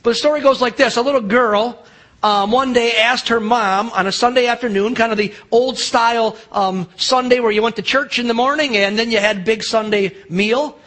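A man's voice: very high-pitched, normal speed, fairly bright tone. A man preaching a sermon as pastor, telling a story in a chatty way with fillers and restarts.

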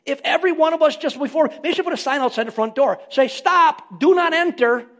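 A man's voice: extremely high pitch, racing. A man, a pastor, preaching a sermon with emphatic rises in volume on key phrases. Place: church.

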